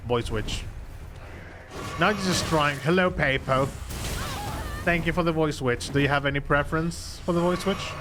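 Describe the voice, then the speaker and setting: A Spanish-speaking man streams a game and chats casually with viewers, rambling and a bit self-conscious. His voice is on the high side at a moderate pace, he pauses often, and the background is noisy.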